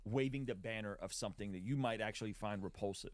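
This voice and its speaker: A man on a podcast, talking in a measured, thoughtful way. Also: on the low side, dry recording. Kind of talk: podcast discussion.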